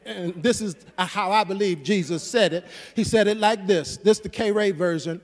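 A man with a high voice preaches to his congregation, calling back to them and climbing into fervent exhortation. His words ring through a church sanctuary with a long, lingering reverb. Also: normal speed. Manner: call-and-response preaching, rising to fervent exhortation. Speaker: pastor. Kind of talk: sermon.

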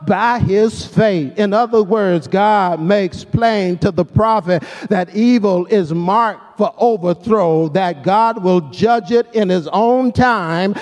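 A man's voice: sits high, slow, few pauses, darkish tone. A man preaching a sermon. He calls for responses from the congregation, draws out key words for emphasis and at times breaks into a sung, whooping delivery. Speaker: pastor.

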